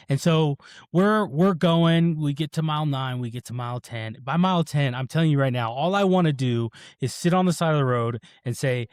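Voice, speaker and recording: A man in his thirties hosting a podcast, telling a personal story in a lively, animated way and acting out his own thoughts, turning to faith in a preaching tone. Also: on the high side, brisk, no room sound, studio quality. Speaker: podcast host. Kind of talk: casual chat.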